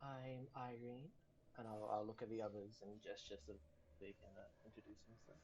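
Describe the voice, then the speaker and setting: A tabletop game player chatting casually, halting with many fillers. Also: medium pitch, completely flat delivery, warm tone, slight background noise, low-quality recording.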